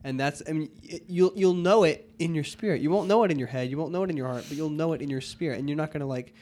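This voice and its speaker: A man's voice: fairly high pitch, quick pace, a little mellow. A man co-hosting a podcast, speaking earnestly and repetitively as he urges listeners to think with the spirit. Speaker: podcast co-host. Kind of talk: casual faith chat.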